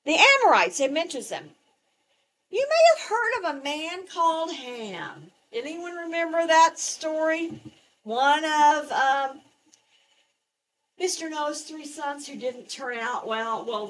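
Animated woman teaching the Bible. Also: high-pitched. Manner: animated, emphatic, conversational asides.

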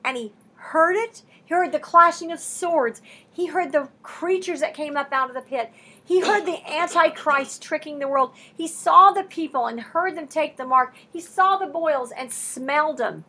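A woman's voice: high voice, normal speed, pushed and bright. A woman teaching a sermon on scripture, impassioned and emphatic, mixing conversational asides with rising bursts. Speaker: Bible teacher.

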